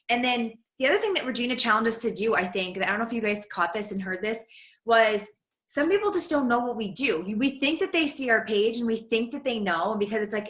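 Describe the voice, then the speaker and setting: A woman hosting a motivational team coaching call, gushing and energetic in casual chat. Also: medium pitch, roomy sound, poor audio.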